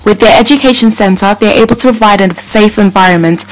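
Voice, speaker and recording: A young woman reading a scripted voice-over in a steady, informative way. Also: mid-range voice, fairly quick, poor audio. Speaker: volunteer narrating her plans.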